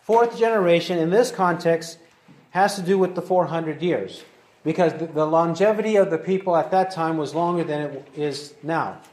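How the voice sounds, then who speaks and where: A man's voice: a little high, darkish tone. Man teaching Bible in an echoey room. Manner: deliberate, slows to read verses aloud. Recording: roomy echoey recording.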